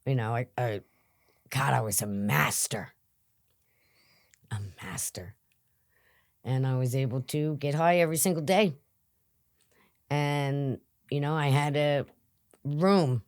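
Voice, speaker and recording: A woman's voice: a bass voice, measured pace, dry recording, studio quality. A woman guest in an interview, speaking earnestly and reflectively, sometimes dropping to a whisper. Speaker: guest in recovery. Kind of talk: interview conversation.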